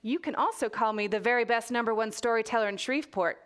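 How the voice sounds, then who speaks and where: A woman's voice: a little high, fast talker, a bit bright, clear, resonant tone, natural voice. Woman voicing a sassy Texan girl storyteller. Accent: Texas. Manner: sassy, matter-of-fact. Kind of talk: reading a children's book aloud.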